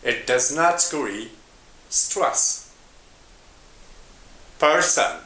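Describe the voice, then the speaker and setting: A man teaching an English lesson in a slow, deliberate way, repeating example words. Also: a little high, sing-song, a bit bright, echoey room.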